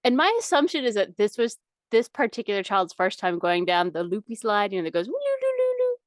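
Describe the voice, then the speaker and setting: A woman's voice: mid-range voice, brisk, no echo. A woman co-hosting a podcast, telling a funny story in casual chat with lots of laughter. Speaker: podcast co-host.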